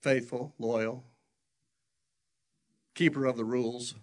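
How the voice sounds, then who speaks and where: An older man preaching a sermon, telling stories in an animated way and jumping high for quoted voices. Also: slow pace. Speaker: pastor.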